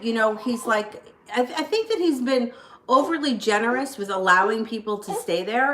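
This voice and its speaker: A woman's voice: medium pitch, a bit bright. A woman giving a casual live tarot reading, chatty and reassuring as she answers viewers. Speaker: tarot reader. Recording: echoey room with clear background noise.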